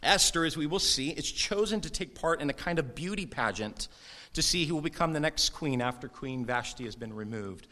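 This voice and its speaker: A male pastor delivers a lively, conversational sermon, breaking into quick asides. His voice sits a little high for a man, and he sometimes slips into short mock voices when quoting people.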